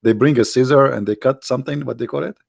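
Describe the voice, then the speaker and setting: Hosting a livestream, a man with Arabic-accented English talks fast at a medium pitch with vocal fry and a darkish tone. His commentary is casual, sarcastic and mocking, recorded in studio quality with no echo.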